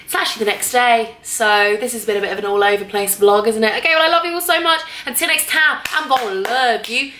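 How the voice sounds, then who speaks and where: Excitable twenties girl vlogging from a hotel room, chatty and gushy, kinda echoey. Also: fairly high pitch, fast, few pauses. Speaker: beauty vlogger. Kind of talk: casual vlog chat.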